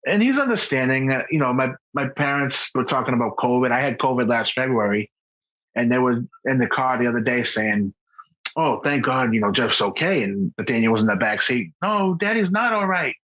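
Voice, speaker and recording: A man speaking as a podcast guest in candid personal conversation, halting and earnest, often restarting his sentences. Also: medium pitch, a bit bright. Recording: dull lo-fi podcast audio.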